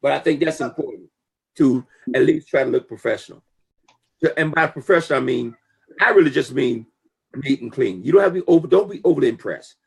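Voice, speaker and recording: A man talking casually and emphatically about business conduct, preachy and full of lively storytelling. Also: mid-range voice, brisk, creaky, husky. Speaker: network marketing talk show guest. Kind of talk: casual motivational talk.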